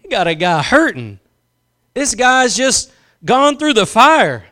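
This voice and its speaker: A man preaching a sermon with passion, building slowly with emphasis and dropping into soft asides. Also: extremely high pitch, very animated. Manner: impassioned, swings between slow emphatic build-ups and soft asides.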